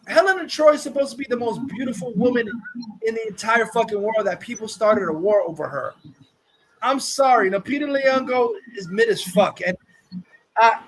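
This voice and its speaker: A man's voice: very high voice, fairly bright tone, rough recording. A man hosting a live stream, rambling through a profane, exasperated movie rant full of restarts and swearing. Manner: exasperated, scoffing. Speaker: host reviewing a movie.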